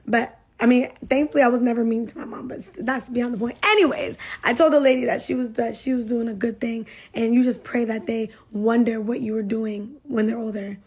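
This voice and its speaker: A woman's voice: on the high side, fairly even intonation, a little fast, few pauses, a little mellow, breathy edge. A young woman giving a casual spoken testimony, chatty, full of fillers and repeated phrases. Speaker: churchgoer sharing a testimony.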